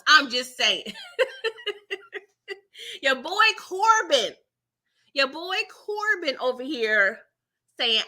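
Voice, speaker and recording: A woman hosts a casual live recap of a TV episode. Her voice sits high and rings very bright. She chats in heavy slang and keeps breaking into laughter. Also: takes it slowly. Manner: animated, chatty, laughs often, heavy slang. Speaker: TV recap host.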